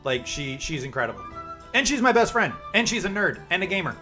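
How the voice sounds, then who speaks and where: A man's voice: sits high, sing-song, brisk, sharp tone, faint music behind. A man in his forties, streaming live and chatting casually, upbeat and calling viewers by name.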